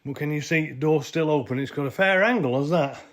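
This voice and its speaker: A man's voice: fairly high pitch, a little fast, a bit bright. A man filming himself beside a jacked-up off-roader, talking through his work in a rambling, self-correcting way on a handheld camera. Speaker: vehicle owner showing his work. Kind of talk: casual hands-on how-to vlog. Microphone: handheld camera he films with himself.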